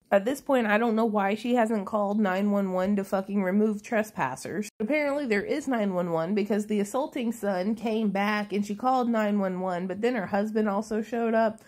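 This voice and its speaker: A woman's voice: mid-range voice, darkish tone. A woman recapping a movie in a casual, chatty way, sarcastic and full of swearing.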